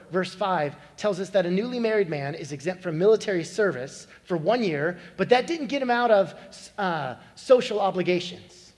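A man delivers a sermon in a noticeably high voice. He explains scripture plainly and slips into a joke, playing each character. His words ring out in a large, echoing hall. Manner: storytelling preacher, acts out joke voices. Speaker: pastor. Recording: echoey hall with long reverb.

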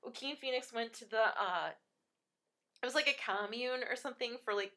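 A woman's voice: on the high side, moderate pace, bright, forceful tone. A woman chatting casually about a film, rambling with lots of fillers and laughing often.

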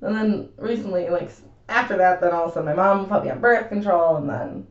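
A woman's voice: lowish voice, quick pace, reverberant, dull audio. A young woman co-hosting a casual podcast, telling stories animatedly, swearing freely and laughing often. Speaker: podcast co-host.

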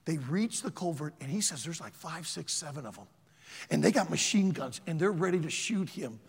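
A man in his sixties preaching a sermon, telling a story in a dramatic, animated way. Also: on the high side, moderate pace, gravelly, breathy edge, long reverb tail.

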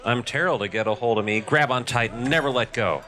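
A man's voice: mid-range voice, a little fast, bright, forceful tone, soft background music. A man chatting casually as a player on a role-play podcast, with a dry, joking manner. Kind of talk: casual chat at a game table.

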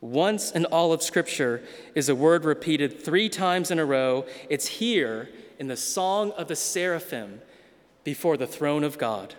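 A man preaching a sermon, slow and deliberate, with dramatic pauses and emphatic repetition. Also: on the high side, big-room sound. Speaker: pastor.

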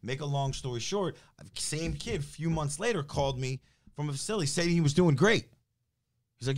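A man's voice: a little high, lively intonation, normal speed. A man with a New Jersey accent telling a story in casual conversation, acting out both sides of phone calls and getting heated. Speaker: business development director. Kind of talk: animated storytelling in casual chat.

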